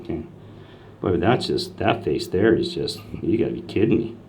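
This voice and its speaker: A man in a casual vlog, telling a meandering story in an excitable way and often voicing disbelief. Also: sits low, moderate pace, a little hiss or hum. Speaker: self-described street minister.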